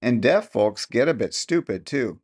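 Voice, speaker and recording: A man voicing a gruff, impatient older farmer who grumbles in blunt rustic speech. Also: medium pitch, animated, measured pace, darkish tone. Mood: grumbling.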